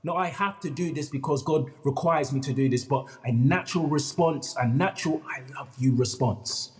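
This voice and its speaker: A man's voice: mid-range voice, normal speed. Earnest man telling a story. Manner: earnest, repeats phrases, addresses host by name. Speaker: guest storyteller. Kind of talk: emotional personal storytelling. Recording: long hall reverb.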